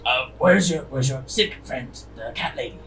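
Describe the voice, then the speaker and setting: A man's voice: medium pitch, lively intonation, normal speed, recorded from a distance, music in the background, natural voice. A man playing a brusque ship captain. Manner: commanding, brusque. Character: stern male ship captain.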